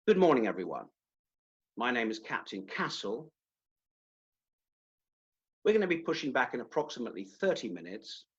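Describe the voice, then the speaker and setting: A man putting on the voice of a male airline pilot making a cabin announcement, slow and measured, dropping at the end of each phrase. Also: mid-range voice, very animated, lo-fi sound, close to an everyday voice. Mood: calm, assured.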